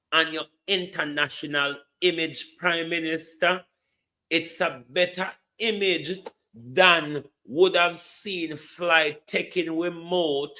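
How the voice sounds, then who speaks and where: Slow, scornful Jamaican commentator man. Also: a little high, bright, forceful tone. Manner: scornful, addresses the Prime Minister directly and repeatedly; mixes Jamaican Patois into English. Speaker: political commentator. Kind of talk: heated livestream commentary.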